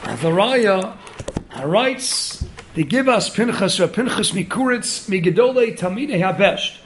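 A man giving an animated Torah study lecture. He urges his listeners on and mixes in many Hebrew and Yiddish terms. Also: high voice, unhurried, a little hiss or hum. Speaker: Torah teacher.

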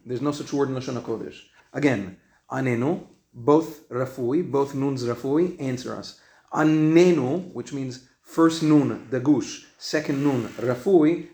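A man's voice: fairly high pitch, darkish tone. Emphatic male teacher in an echoey room. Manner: emphatic, drills words slowly, quizzes students. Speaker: rabbi teaching a class. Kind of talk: classroom lecture on Hebrew grammar. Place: classroom with students.

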